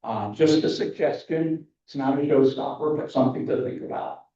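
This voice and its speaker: A man's voice: a little high, moderate pace, warm tone. A man judging entries in a photography competition over a video call, explaining with enthusiasm and frequent restarts. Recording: echoey, distant, muffled video call audio.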